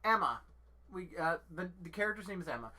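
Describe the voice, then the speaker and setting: A woman with a bright, forceful voice, pitched a little low for a woman, rambling loosely in casual channel chat. She swears freely, trails off and restarts her sentences, and piles on filler likes as she goes. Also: expressive, quick pace. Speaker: channel host. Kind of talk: casual rambling game talk.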